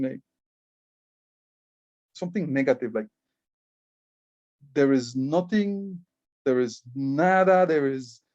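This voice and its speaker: A man's voice: a little high, darkish tone, no echo, lo-fi sound. A man with a Belizean accent giving a presentation on Maya hieroglyphs, earnest and explanatory, often repeating words as he works through a point. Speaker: Maya writing club educator and guide.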